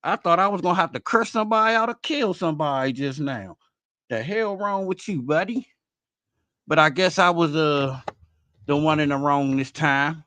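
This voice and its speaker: A man hosting a live stream, out of breath, talking in a loud, rambling, profanity-heavy way. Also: on the high side, a little fast, smooth, no room sound. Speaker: host. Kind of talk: casual stream commentary.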